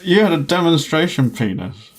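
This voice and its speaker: A man's voice: fairly high pitch, sing-song, normal speed. A man co-hosting a casual podcast, teasing his co-host, laughing often and rambling through anecdotes. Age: adult, grew up before the internet. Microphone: studio mic on a desk.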